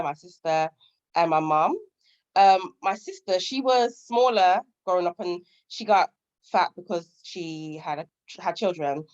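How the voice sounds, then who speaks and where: A woman's voice: on the low side, dull audio. A woman guest telling candid stories from her life, acting out what relatives said. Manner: candid, storytelling, acts out relatives' lines. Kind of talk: casual interview chat.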